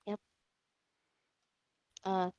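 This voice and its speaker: A woman's voice: sharp tone, no echo, highs cut off. A woman playing in a tabletop game, chatting casually and hunting for words with lots of fillers. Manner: hesitant, searches for words with fillers. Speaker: player.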